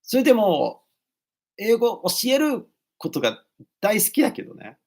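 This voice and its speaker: A man's voice: high-pitched, wildly swooping pitch, a little fast, creaky, a little mellow. A man with an American accent, talking casually as an English teacher and actor, full of "like"s and switching between English and Japanese. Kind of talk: casual talking-head advice vlog.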